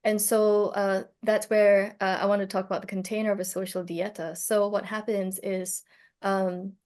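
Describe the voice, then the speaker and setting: A woman's voice: medium pitch, normal speed. A woman telling a personal story in casual talk, reflective and hesitant, with many fillers and restarts. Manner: reflective, gently animated when telling a story. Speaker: speaker on plant medicine.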